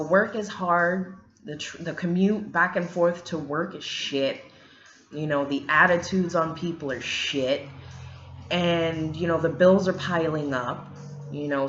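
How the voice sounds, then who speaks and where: Woman, candid single-mom vlogger, emphatic and profane; bright tone, roomy echo. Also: medium pitch. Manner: blunt, swears freely, emphatic. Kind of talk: candid casual monologue. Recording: echoey room, dull lo-fi sound, faint music.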